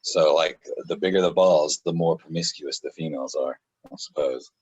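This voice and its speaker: A man's voice: very deep voice, normal speed, darkish tone, slightly rough, dry recording. A man talking casually on a podcast, a rambling storyteller who laughs a lot and often restarts his sentences. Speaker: author guest. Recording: dull, dry lo-fi sound.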